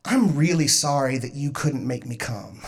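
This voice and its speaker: A woman voicing her sheepish, clueless young boyfriend in a low, flat mumble during a stand-up set. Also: moderate pace, husky, exaggerated voice.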